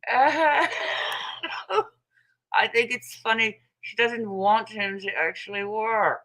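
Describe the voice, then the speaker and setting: A woman's voice: a little high, takes it slowly, a bit bright, poor audio. A woman hosting a casual livestream, ranting in a mocking, profane way and laughing often. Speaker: livestream host.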